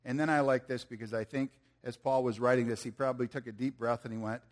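A man's voice: medium pitch, fairly even intonation, quick pace. A man in his fifties preaching a sermon in a conversational way, asking the audience questions and acting out quotes in slangy lines. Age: 50s. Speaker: pastor.

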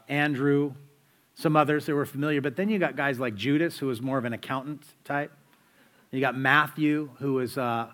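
A man's voice: medium pitch, fairly bright tone. A man preaching a sermon in a conversational, storytelling way, full of rhetorical questions to the listeners. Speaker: pastor.

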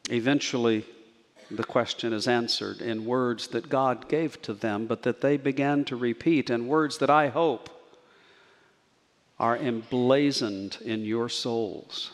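Slow, earnest male preacher in a hall. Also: medium pitch. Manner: measured, earnest preaching with slow emphatic pauses. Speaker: pastor. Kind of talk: sermon.

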